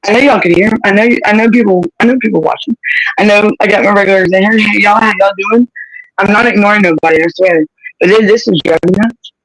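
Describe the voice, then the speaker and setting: A man's voice: sits high, fast talker, a bit bright, dry recording, poor audio. A man hosting a livestream, talking in a passionate, blunt rant and cussing freely. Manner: impassioned, blunt, cusses freely. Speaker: livestream host.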